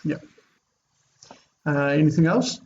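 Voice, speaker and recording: A man's voice: fairly high pitch, takes it slowly, lo-fi sound. A man teaching a grammar lesson online, explaining rules step by step in a casual way with fillers. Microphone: computer mic on video call.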